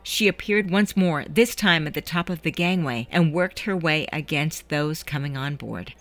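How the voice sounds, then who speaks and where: A woman host reading a scripted story narration in a measured storytelling manner. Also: low-pitched, fairly bright tone.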